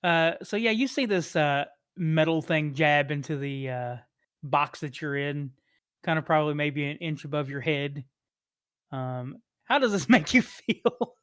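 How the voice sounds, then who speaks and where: Slow-talking male game master. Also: a little high, a bit bright, clear, resonant tone. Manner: rambling, full of fillers and chuckles. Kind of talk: narrating a tabletop game.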